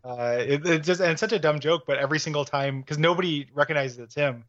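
A man co-hosting a casual podcast chat, rambling fast and laughing often. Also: a little high, fairly bright tone. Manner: laughs often, fast rambling, drops into silly put-on voices. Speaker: podcast co-host. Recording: slightly dull lo-fi sound.

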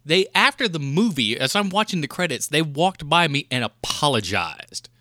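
A man's voice: on the high side, sing-song, normal speed, bright, forceful tone, dry recording, clean studio sound. A man hosting a podcast, ranting in a profane, fired-up way about rude moviegoers in casual chat. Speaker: podcast host.

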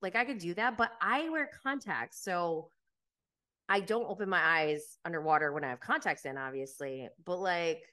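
A woman's voice: on the low side, normal speed, bright, forceful tone. A woman hosting a podcast, chatting casually and with animation about reality TV, laughing often and filling her talk with "like". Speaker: podcast host. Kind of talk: casual chat recapping reality TV.

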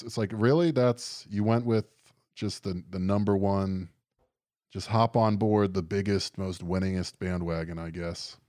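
A man's voice: low voice, measured pace, darkish tone, no room sound, clean studio sound. A young man chatting casually on a podcast, rambling and sardonic, swearing often and leaning on fillers. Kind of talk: casual chat.

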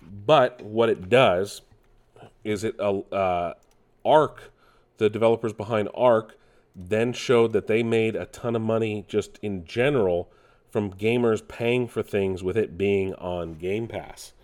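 A man's voice: on the low side, slow pace, darkish tone. A man casually hosting gaming news, rambling with many fillers and restarts. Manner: rambling, with frequent fillers and self-corrections.

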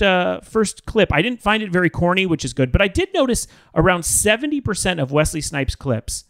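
A man's voice: high-pitched, animated, brisk, few pauses, fairly bright tone, no echo, clean studio sound. A man co-hosting a podcast, chatting casually and rambling with self-doubting restarts. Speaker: podcast co-host. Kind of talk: casual chat.

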